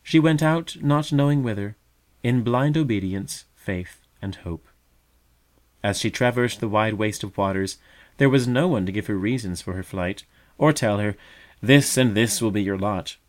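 Low-voiced man reading a storybook. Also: normal speed. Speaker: narrator. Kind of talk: storybook narration.

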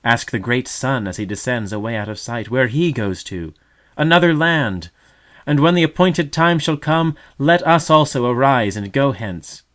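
A man's voice: medium pitch, animated, normal speed, fairly bright tone, pitched above the performer's own voice, natural voice. Mother bird, tender and earnest, uplifting — male narrator's raised voice. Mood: fervent. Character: gentle hopeful mother songbird.

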